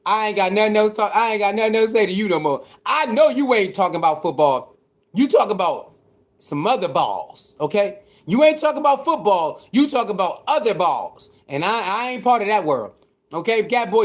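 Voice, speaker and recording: A man ranting in a casual, mocking and incredulous way, repeating himself, laughing, and jumping from shouts down to mutters. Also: sits high. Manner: mocking, incredulous, swings between shouting and mumbling. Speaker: commentator reacting to online critics. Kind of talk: animated casual rant.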